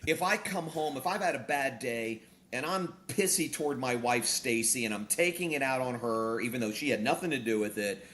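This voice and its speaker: A man's voice: medium pitch, normal speed, few pauses, a little hiss or hum. A male pastor and author, a guest on a talk show, preaching in a conversational way and telling illustrations with vivid acted-out dialogue and emphatic rises on key points. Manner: animated storyteller who acts out quoted dialogue.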